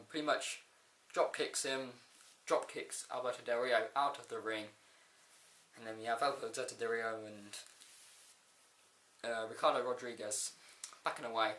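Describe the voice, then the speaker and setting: A man giving a rambling, excitable casual video review of a wrestling show. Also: medium pitch. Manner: excitable, rambling, with frequent fillers and outbursts. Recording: echoey room.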